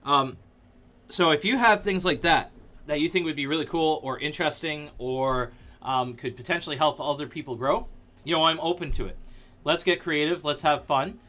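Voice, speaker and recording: A man hosting a casual livestream from his computer desk, playful and jokey, breaking into sudden loud outbursts. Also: on the high side, moderate pace. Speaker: livestream host. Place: seated at a computer in a dim room.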